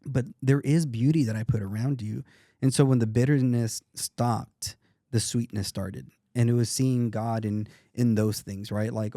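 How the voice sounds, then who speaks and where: A man in his thirties talks in an earnest, reflective way as a podcast guest. He often stops and restarts his sentences. His voice is mellow and dark, recorded close and dry. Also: mid-range voice, steady tone, unhurried, dry recording. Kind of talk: casual interview talk.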